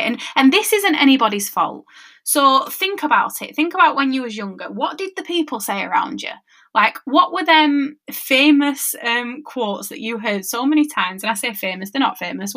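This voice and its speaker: A woman's voice: medium pitch, normal speed, bright, forceful tone. A woman, hosting a casual solo podcast as a mindset coach, chatty and conversational and checking in with her listeners as she goes.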